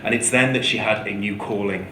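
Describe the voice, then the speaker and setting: A man's voice: steady tone, fairly quick, bright, forceful tone. A man introducing a speaker on stage, hesitant and full of ums. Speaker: event host introducing the speaker. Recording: echoey hall with low rumble.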